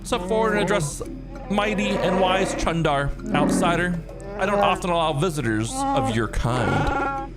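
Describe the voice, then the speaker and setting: A haughty male Wookiee chieftain, as a man reads him aloud from a game, boastful and cold toward outsiders. The voice sits fairly high, with loud music playing under it. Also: sing-song, unhurried, full character voice. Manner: pompous, boastful, dismissive. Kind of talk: reading game dialogue aloud in character.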